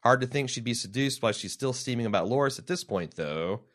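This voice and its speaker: A man's voice: medium pitch, expressive, fast, a bit bright. A man co-hosting a casual podcast, rambling and joking with many restarts as he reads listener mail. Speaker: podcast co-host.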